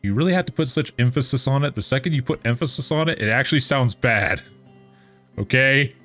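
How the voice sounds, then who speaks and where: A man's voice: mid-range voice, lively intonation, fairly quick, sharp tone, faint music behind. A man streaming a game, chatting casually and joking over the gameplay.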